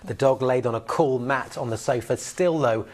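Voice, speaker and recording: A British man with a mid-range voice reads viewer messages on air in a relaxed, chatty way, with the odd filler. He speaks from a television studio. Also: mid-range voice, moderate pace. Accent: British English. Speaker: news anchor. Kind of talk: conversational news presenting.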